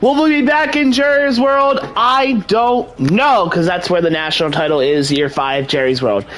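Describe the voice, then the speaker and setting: A man narrating his own video game run in a casual, mock-announcer style. He keeps calling out to "ladies and gentlemen" and reels off long strings of stats and scores. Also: sits high. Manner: rattles off stats in quick lists. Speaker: gaming channel host. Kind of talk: casual gameplay commentary.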